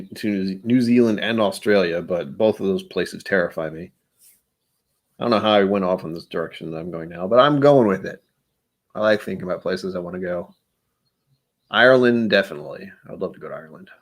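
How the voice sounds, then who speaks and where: A man's voice: deep voice, moderate pace. A man hosting his own vlog, rambling through casual solo musings with self-deprecating humor. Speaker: vlog host.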